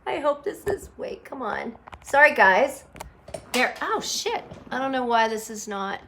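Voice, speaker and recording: A woman's voice: high-pitched, big pitch swings, unhurried, a bit bright, slight background noise. A middle-aged woman hosting an unscripted livestream from her phone, rambling and greeting viewers by name as they join. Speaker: livestream host. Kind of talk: unscripted live chat.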